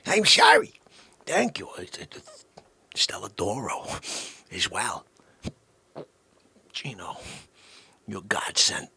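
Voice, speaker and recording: A man hosting a comedic vlog, excitable and rambling, swinging from shouts down to whispers. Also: fairly low pitch, takes it slowly, creaky, long pauses. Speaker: host.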